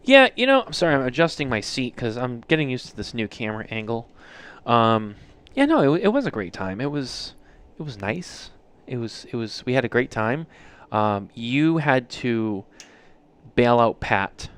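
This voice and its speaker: A man's voice: mid-range voice, big pitch swings, moderate pace, fairly bright tone, smooth. A man hosting a podcast, chatting casually, joking and teasing his co-hosts with some swearing. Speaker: podcast host. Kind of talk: casual chat. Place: podcast studio lounge.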